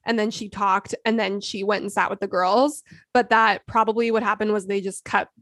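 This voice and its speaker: A woman co-hosting a podcast, chatting casually in a relaxed way that trails off at the ends of phrases. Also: mid-range voice, normal speed, no room sound, clean studio sound. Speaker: podcast co-host. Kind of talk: casual chat.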